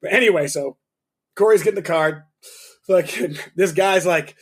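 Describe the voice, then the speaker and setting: A young man with a slightly high voice tells a loose, profane story on a podcast. Between his stories he drops quick, short reactions to his co-host. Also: husky. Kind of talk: casual storytelling chat.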